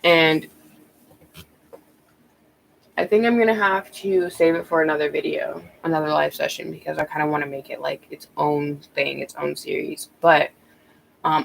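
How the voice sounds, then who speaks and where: A woman's voice: low-pitched, steady tone, normal speed, vocal fry, a little hiss or hum, rough recording. A woman tarot reader talking casually on a live stream, rambling with many ums and restarts, a bit out of breath.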